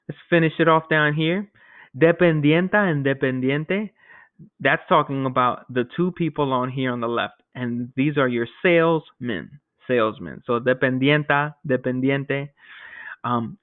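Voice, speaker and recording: Casting note: male Spanish teacher, mid-pitched voice, patient and explanatory, tinny lo-fi sound. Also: no room sound. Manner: explains step by step, often checking with "okay?". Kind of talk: recorded classroom lesson. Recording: tinny phone-like audio.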